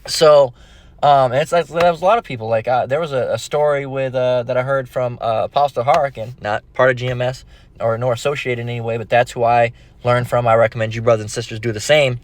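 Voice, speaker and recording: A man's voice: mid-range voice, steady tone, a little fast. Rambling man giving a casual religious lesson. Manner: rambling, many restarts, street slang. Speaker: religious teacher.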